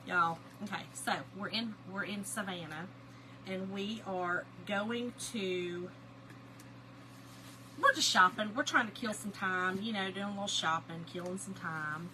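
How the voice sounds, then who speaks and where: Lady crafting live, chatty and animated, bright voice, faint room hum. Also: mid-range voice, a little slow, low-quality recording. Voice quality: lively, animated storyteller, greets chat viewers by name. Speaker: crafting livestream host. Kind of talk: chatty livestream storytelling while crafting.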